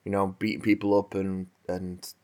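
A man chatting as a podcast co-host. His voice sits a little low, and he talks in a relaxed, wry, understated way. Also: normal speed. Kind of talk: casual chat.

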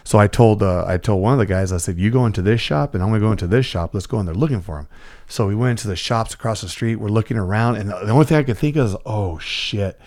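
A man's voice: on the low side, quick pace. A man in casual chat, telling a story with acted-out quotes and plenty of swearing. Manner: animated storyteller, acts out quotes, curses freely.

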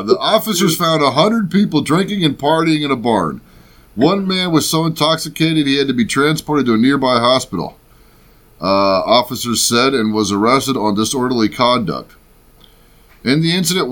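A man's voice: medium pitch, lively intonation, moderate pace, a bit bright. A man co-hosting a casual podcast chat, reading a news story aloud with jokes and laughs and stumbling over words. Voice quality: beard. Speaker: podcast co-host.

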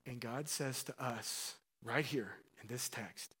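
A man preaching a sermon, animated and acting out the voices of Bible figures, dropping to a low hush for emphasis. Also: a little slow, breathy edge. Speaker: pastor.

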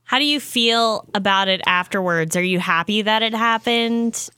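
A female radio co-host chats casually and keeps asking short, curious follow-up questions. Her voice is bright and sharp at a middle pitch, and the sound is dry and close to the mic. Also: normal speed, clean tone, dry recording. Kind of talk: casual chat.

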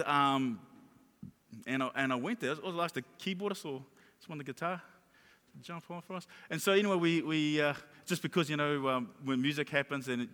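A man preaching a sermon as a pastor, telling stories animatedly and repeating phrases for emphasis. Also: fairly high pitch. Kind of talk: sermon with storytelling. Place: large church hall. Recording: reverberant church hall with live guitar. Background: soft guitar music.

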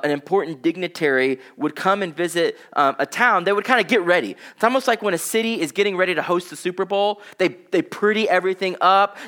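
A man, preaching a sermon in a conversational way, with fillers, dropping his voice low when he reads scripture. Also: sharp tone. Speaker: pastor.

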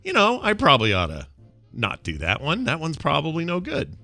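A man hosting a podcast in casual banter, animated and quick to laugh, reading odd news stories aloud. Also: fairly high pitch, gravelly, no echo, soft background music. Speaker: podcast host.

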